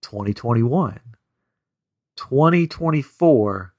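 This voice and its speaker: Lively playful podcast host man. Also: medium pitch, slow pace. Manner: playful, reads out quiz questions. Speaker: podcast host running a trivia game. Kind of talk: casual podcast chat.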